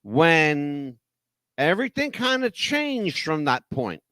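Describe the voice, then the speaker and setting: A man's voice: on the high side, sing-song, slow, bright, forceful tone, dry recording, studio quality. A man hosting talk radio, telling a story dramatically with rhetorical questions. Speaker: radio host.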